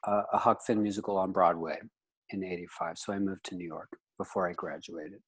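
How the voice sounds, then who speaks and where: Low-voiced rambling man. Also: steady tone, a little fast, husky. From United States. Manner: rambling, with frequent "you know" fillers. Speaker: guest. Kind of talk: casual interview chat.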